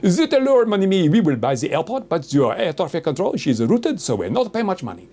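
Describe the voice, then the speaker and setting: A man's voice: sits high, sing-song, a little fast, mellow, pitched above the performer's own voice. A man voicing a mocking French airport buyer in a put-on French accent, haughty and theatrical.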